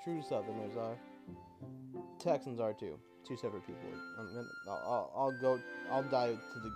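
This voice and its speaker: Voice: mid-range voice, normal speed, music in the background. A gaming YouTuber giving casual let's-play commentary, chatty and swearing freely while musing aloud.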